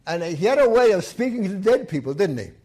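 Lively, expressive male preacher. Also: high-pitched, quick pace, slightly rough. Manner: retells scripture with acted quotes, lively and emphatic. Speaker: pastor. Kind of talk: sermon.

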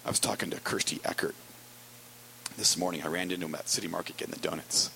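A man preaching a conversational sermon as pastor, wry and storytelling with quick asides. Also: deep voice, steady tone, vocal fry, bright, forceful tone, a little hiss or hum, low-quality recording.

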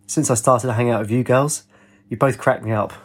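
Guy reading as a cheeky young physicist bloke, rational, a bit husky, mid pitch. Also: steady tone, fairly quick, close to an everyday voice. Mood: teasing. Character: jokey young male physicist, rational and teasing.

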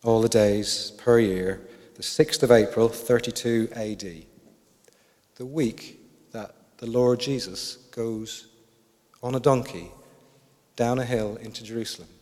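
A man's voice: medium pitch, fairly even intonation, measured pace, long pauses, a little mellow. A man preaching in a reverberant hall. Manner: reflective, asks the congregation questions. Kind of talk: sermon.

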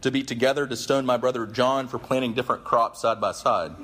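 A man's voice: mid-range voice, steady tone, a little fast, fairly bright tone, pitched above the performer's own voice, close to an everyday voice. A man reading out a sarcastic, indignant male president who mocks and rants in a raised voice during a sermon. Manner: mocking, raised voice, building tirade.

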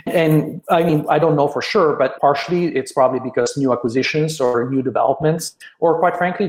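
Man speaking in a roomy space. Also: medium pitch. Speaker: panelist. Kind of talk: casual panel discussion.

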